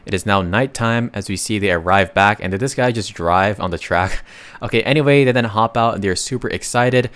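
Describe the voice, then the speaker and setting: A man's voice: on the low side, brisk, a bit bright, clear, resonant tone. A man casually narrating a comic recap, reading the characters' lines aloud and adding offhand asides. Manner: chatty, reads dialogue aloud with asides.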